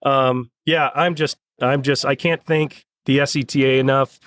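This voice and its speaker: A middle-aged man from California, a land speed racer, telling stories in a casual interview in an earnest, halting way with many restarts. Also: mid-range voice, fairly even intonation, fairly bright tone, no echo.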